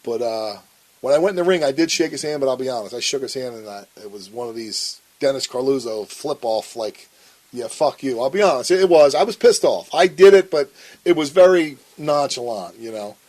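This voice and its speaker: The recording is rough, but the voice comes through animated and brisk: a man, mid-range and slightly dark in tone. As an interview guest, he tells his story bluntly, cursing freely and dramatizing the arguments he recounts.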